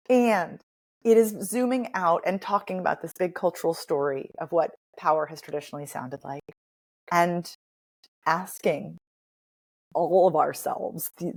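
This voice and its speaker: A woman dialect coach and author talking as a guest in a podcast interview, animated and emphatic, with playful asides. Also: low-pitched.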